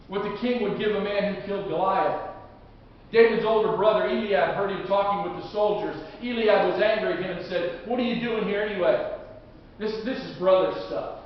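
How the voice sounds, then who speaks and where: A man preaching a sermon in a very high voice, folksy and joking but rising to fervent shouts. He is heard from far off in a church sanctuary with heavy, long reverb. The sound is dull and muffled. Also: moderate pace. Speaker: pastor. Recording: echoey hall, distant dull mic.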